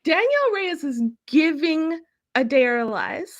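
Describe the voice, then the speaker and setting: A woman hosting a podcast, talking in a high, bright voice. She takes her time and chimes in with emphatic agreement as the chat goes along. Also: lively intonation, slow. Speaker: podcast host. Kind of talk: casual recap chat.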